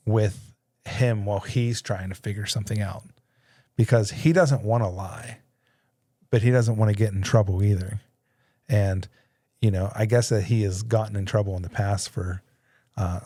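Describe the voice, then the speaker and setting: With a fairly low, warm voice and no echo, a podcast host in his thirties leads a casual studio conversation. His storytelling is loaded with laughs and acted-out voices.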